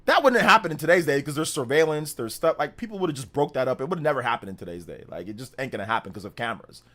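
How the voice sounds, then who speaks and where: A man in his thirties, hosting a livestream and telling a childhood story in a casual, animated way. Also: mid-range voice, fast talker. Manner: animated, with exaggerated voices for quoted people. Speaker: livestream host.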